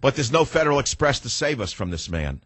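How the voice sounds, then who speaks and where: A man's voice: mid-range voice, very animated, quick pace, a bit bright, breathy edge, no room sound. An older man in his sixties hosting a talk radio show, delivering a combative, ranting monologue that turns reflective at times. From United States.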